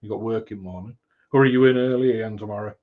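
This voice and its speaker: This co-host talks fast, with a fairly low pitch and fairly even intonation. In casual livestream chat he reads out viewers' messages, ribs his friend, and laughs readily, all captured in dull lo-fi stream audio.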